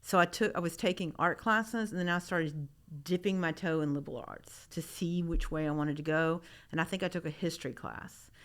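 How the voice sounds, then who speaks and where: A woman's voice: fairly low pitch, normal speed. A middle-aged woman artist from Memphis, talking casually in an interview, rambling with many restarts. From Memphis, Tennessee. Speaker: artist guest.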